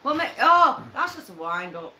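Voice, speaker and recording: A woman's voice: sits high, moderate pace. Tipsy giggly Oldham woman. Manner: giggly, animated banter. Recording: roomy echo with clear background noise.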